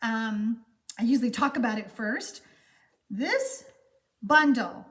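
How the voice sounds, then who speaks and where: A woman's voice: a little high, expressive, slow pace, pauses often. A woman with a Texan accent hosting a chatty card-making live stream, gushing and rambling as she reads viewer comments. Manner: warm, gushing, rambling with fillers.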